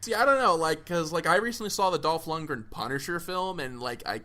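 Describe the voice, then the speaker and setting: Bright-voiced man hosting a chat show. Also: on the high side, lively intonation, a little fast. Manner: upbeat, reads listener questions with many fillers. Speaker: podcast host. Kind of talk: casual panel chat.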